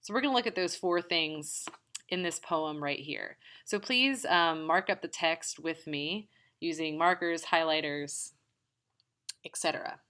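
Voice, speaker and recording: A woman teaching a poetry lesson in a low, unhurried voice. Her tone is bright and clear. She explains patiently, step by step, and taps out the rhythm of the lines.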